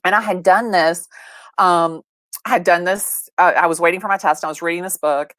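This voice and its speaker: A cheerful, middle-aged woman with a somewhat low voice, telling stories in a bubbly, animated way. She acts out the other people's lines as she goes. Her voice is close and dry. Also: brisk, no echo. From Atlanta, Georgia. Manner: bubbly, animated storyteller acting out dialogue. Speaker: real estate agent, guest. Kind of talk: casual storytelling interview. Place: video call from her home or office.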